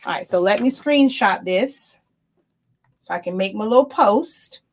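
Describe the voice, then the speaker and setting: A middle-aged woman who owns a small printing business chats casually while she works through a live craft demo. She thinks out loud and corrects herself mid-sentence. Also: medium pitch, expressive, measured pace. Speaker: small business owner demonstrating sublimation printing.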